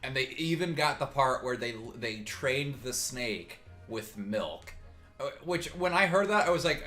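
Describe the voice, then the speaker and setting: A man in his own voice, chatting casually while playing a story game, joking and cursing as he rambles along. His pitch sits in the middle range, with faint music behind him. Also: animated, unhurried, bright, forceful tone. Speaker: let's play host. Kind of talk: casual gaming commentary.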